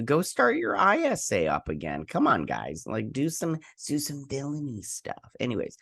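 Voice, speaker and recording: A man hosting a casual recap show, retelling scenes in a rambling, animated way and quoting characters. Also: fairly low pitch, vocal fry, dry recording, clean studio sound. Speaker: host.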